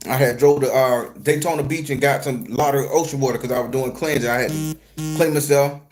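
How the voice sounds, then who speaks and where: A man who works as a spiritual reader, telling a story to his viewers in an animated, profane, conversational way. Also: mid-range voice, fairly quick. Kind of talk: storytelling vlog.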